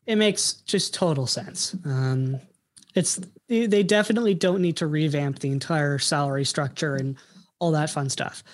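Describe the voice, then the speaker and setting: Halting man hosting a soccer podcast. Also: fairly high pitch. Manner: halting, many ums and uhs while running segments. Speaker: podcast host. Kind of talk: casual soccer podcast chat.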